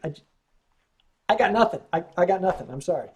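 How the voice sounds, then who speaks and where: A man's voice: high-pitched, animated, fairly quick. A man hosting a casual livestream, reading out chat comments and answering with wry, rambling jokes while tipsy on wine. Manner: wry, joking, rambling storyteller.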